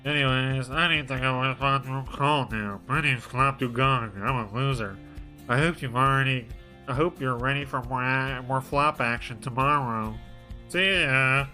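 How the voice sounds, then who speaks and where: A man's voice: mid-range voice, fairly even intonation, moderate pace, bright, forceful tone, soft background music. A man doing an annoying dopey young cop. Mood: goofy. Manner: droning, self-deprecating. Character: dopey self-pitying young male cop, nonstop talker.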